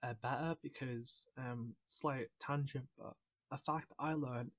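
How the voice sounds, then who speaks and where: A man's voice: mid-range voice, fairly even intonation, a little slow, a bit bright, dry recording. A man hosting a casual podcast chat, talking enthusiastically and rambling a little with fillers. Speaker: podcast host.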